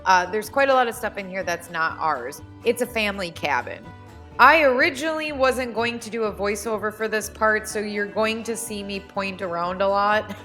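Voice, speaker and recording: A woman's voice: mid-range voice, pushed and bright, faint music behind. Chatty woman hosting a cleaning vlog. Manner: chatty, restarts sentences, talks fast when explaining. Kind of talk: casual vlog chat and voiceover.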